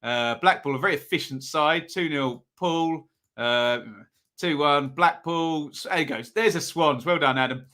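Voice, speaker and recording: Brit guy hosting a football predictions stream, reads the chat, lots of ums and "isn't it", bright voice. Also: a little high, moderate pace. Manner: chatty and upbeat, many ums and rhetorical tag questions. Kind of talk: casual live-stream commentary, reading chat aloud.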